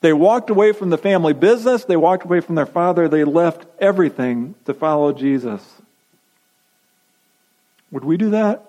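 A man's voice: fairly high pitch, expressive, moderate pace, mellow, rough recording. A man preaching a sermon, emphatic and repetitive, posing rhetorical questions to his congregation. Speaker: pastor.

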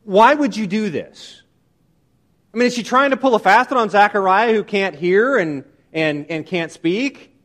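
A man preaching a sermon, emphatic and animated, often asking his listeners rhetorical questions. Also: high voice, moderate pace, hardly any pauses. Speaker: pastor.

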